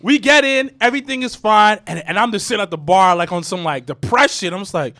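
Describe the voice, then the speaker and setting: A man in his thirties telling a story in casual podcast chat, animated and profane, with stammering restarts. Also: sits high, a little fast. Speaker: podcast co-host.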